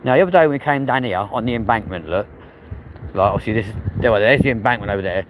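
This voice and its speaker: A man's voice: on the low side, fast talker. A man chatting casually on a live stream, cheeky and talkative, walking outdoors through a city at night on a handheld phone. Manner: chatty, cheeky, banters with passers-by. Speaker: vlogger. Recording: city street noise.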